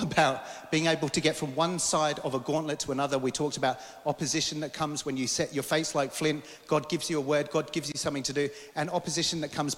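A male preacher giving an animated sermon to a congregation and getting them to repeat words back. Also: fairly high pitch, in a large hall. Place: church hall.

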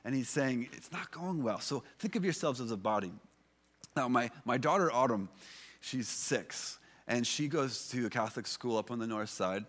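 A man's voice: mid-range voice, animated, moderate pace, fairly bright tone. A man in his thirties, a pastor, giving a conversational sermon with many fillers and restarts.

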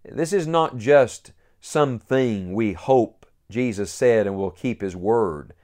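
A man's voice: on the low side, slow pace, darkish tone. A man preaching a sermon, earnest and building to emphatic peaks.

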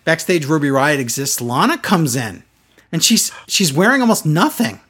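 A man's voice: a little high, big pitch swings, normal speed, a bit bright, slightly rough. A man in casual chat, reviewing a wrestling show with sarcastic, exasperated commentary.

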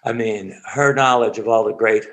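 A man who works as an actor and acting teacher, reminiscing in an interview as an animated storyteller with frequent restarts and asides. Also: on the low side, moderate pace, poor audio.

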